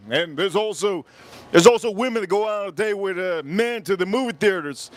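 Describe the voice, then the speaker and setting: A man hosting a live cooking stream outdoors at a grill, chatting in a rambling, joking way that breaks into shouted bits. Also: high-pitched, fairly quick. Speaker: livestream cooking host.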